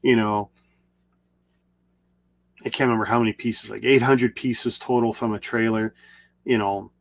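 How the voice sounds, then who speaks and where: Gravelly man telling a rambling story. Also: fairly low pitch, fairly even intonation, normal speed. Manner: rambling, repeats and restarts. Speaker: video creator.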